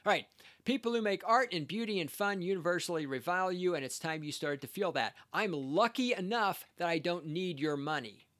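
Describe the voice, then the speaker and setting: A man's voice: sits high, fairly quick, a bit bright. Sarcastic, heated man ranting on a podcast. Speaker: podcast host. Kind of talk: ranting commentary reacting to a read-out text.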